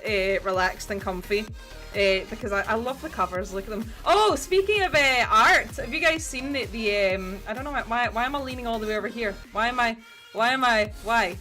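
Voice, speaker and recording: Woman streamer, bright voice, rambling casual chat, faint music in the background. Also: medium pitch. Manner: rambling, chatty, frequent restarts and swearing. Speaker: livestream host. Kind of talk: casual chat while painting.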